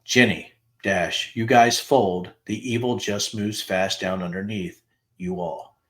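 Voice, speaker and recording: A middle-aged man with a lowish voice reads text messages aloud on his show, stating each date plainly before rising into the quoted lines. He drops in the odd dry aside between messages. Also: steady tone, slow, fairly bright tone. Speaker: podcast host reading text messages aloud. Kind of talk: dramatic reading of texts with asides.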